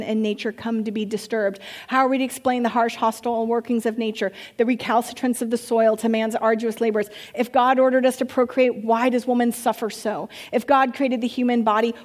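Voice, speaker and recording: A woman's voice: fairly high pitch, darkish tone. A woman pastor giving a sermon, reading scripture and breaking into conversational, playful asides.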